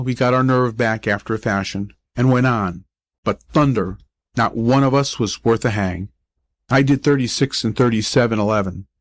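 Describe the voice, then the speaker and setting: A man reading a short story aloud as an audiobook narrator, measured and even. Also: mid-range voice, no room sound. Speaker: audiobook reader.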